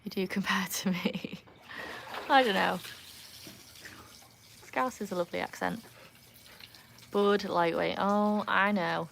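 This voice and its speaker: A woman's voice: mid-range voice, slow, gravelly, long pauses, fairly bright tone, a little hiss or hum. A woman from North Wales with a Welsh accent, chatting casually on a live stream from beside a backyard pool, laughing often and talking to her dogs. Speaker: livestream host. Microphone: phone.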